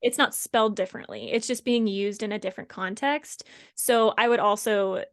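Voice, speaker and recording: A woman's voice: mid-range voice, steady tone, moderate pace. A woman co-hosting a podcast in casual chat, friendly and explaining with examples. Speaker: podcast co-host.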